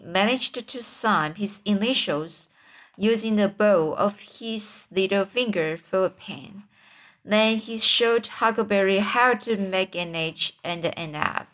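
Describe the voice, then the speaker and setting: In a fairly bright, mid-range voice, a woman narrates a children's storybook as an audiobook reader. She often stumbles and has to begin words over.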